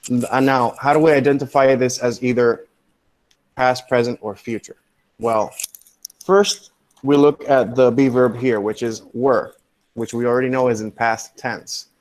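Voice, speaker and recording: A man's voice: medium pitch, fairly even intonation, unhurried, a little mellow. A man teaching an online English class, explaining step by step in a patient way and often checking in with "okay?". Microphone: computer mic on a video call.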